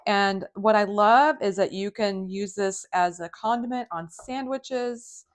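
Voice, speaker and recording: Woman, mid-pitched home-kitchen cooking host, upbeat and chatty, speaks directly to viewers. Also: measured pace, noisy background. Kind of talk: live cooking demonstration.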